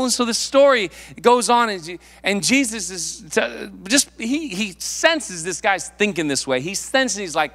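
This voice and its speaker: Male pastor with a slightly high, sharp voice; playful, acts out the story's characters; echoing sanctuary. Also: animated, normal speed. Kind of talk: sermon. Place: church sanctuary. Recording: long hall reverb.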